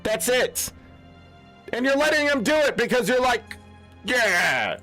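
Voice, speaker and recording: A man's voice: extremely high pitch, moderate pace, a bit bright, faint music behind. A man who streams games, ranting in an unscripted, heated, profane way. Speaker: gaming streamer. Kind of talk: unscripted rant.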